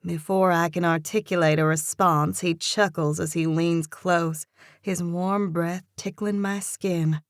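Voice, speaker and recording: A woman narrating a first-person romance audiobook with an expressive, lively character reading. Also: on the low side, a little slow, dry recording, studio quality.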